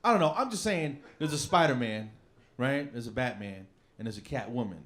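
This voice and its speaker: A man's voice: mid-range voice, expressive, a little fast, fairly bright tone. A man doing a rambling, self-mocking stand-up set on a comedy club stage with a handheld mic. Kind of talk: stand-up routine.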